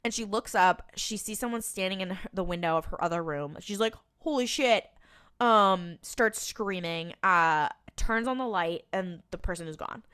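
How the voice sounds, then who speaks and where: A woman's voice: mid-range voice, normal speed, fairly bright tone, clear, resonant tone. A woman co-hosting a podcast, chatting casually as she retells scenes with quoted lines and the odd swear. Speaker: podcast co-host. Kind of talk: casual recap chat.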